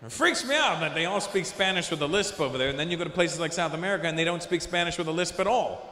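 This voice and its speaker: A male stand-up comedian with a slightly high, very lively voice that swoops up and down as he tells his stories. He is recorded live in a large venue, and his voice rings out with a long, roomy echo and a faint hum of ambience behind him. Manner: animated storytelling with quick voice switches.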